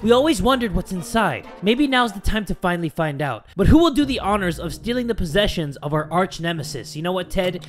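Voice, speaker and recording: A young man playing a survival game, reading its text aloud and reacting with excitable, sometimes profane commentary. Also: sits high, fairly quick, hardly any pauses, faint music behind. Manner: excitable, reads game text aloud, swears, yells at setbacks. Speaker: gaming YouTuber. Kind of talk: let's play commentary.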